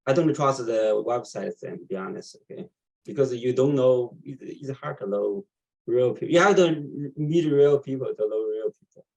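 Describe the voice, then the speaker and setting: A man in his sixties introducing himself on a video call, halting and repeating himself as he talks. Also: medium pitch, gravelly, a little mellow, rough recording. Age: 60s. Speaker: participant. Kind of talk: casual self-introduction.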